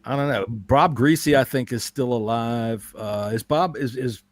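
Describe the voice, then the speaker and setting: A man's voice: mid-range voice, normal speed, no room sound. A man hosting a casual fan podcast, reading listener emails and joking with loose, profane talk. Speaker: podcast host.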